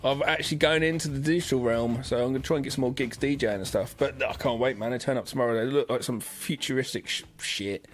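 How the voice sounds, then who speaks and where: A man's voice: mid-range voice, quick pace, few pauses. A man co-hosting a podcast, rambling casually, swearing freely and slipping into mock voices. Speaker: podcast co-host. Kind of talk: casual chat.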